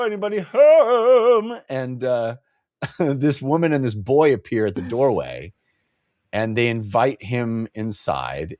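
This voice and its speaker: A man's voice: on the low side, darkish tone, no room sound, studio quality. A man co-hosting a book club podcast, retelling the plot in a rambling, jokey way and laughing often. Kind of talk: casual chat.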